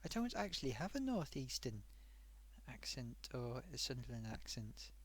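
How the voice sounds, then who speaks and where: A man's voice: medium pitch, very animated, normal speed, breathy edge. A man hosting a casual live stream, reading out forum comments with a chatty, self-amused manner.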